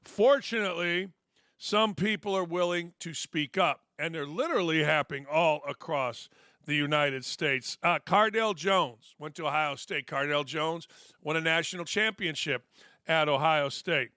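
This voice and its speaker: Middle-aged male sports talk host, high and bright, blunt and sarcastic, dry close sound. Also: moderate pace, no room sound. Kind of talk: opinionated monologue.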